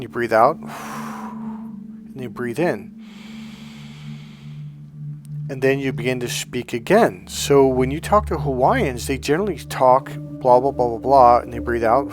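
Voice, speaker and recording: A middle-aged man talks in a loose, casual coaching monologue at an ordinary pitch. He rambles, backtracks and corrects himself, and acts out his breathing and sighs as he explains. Faint music plays behind him.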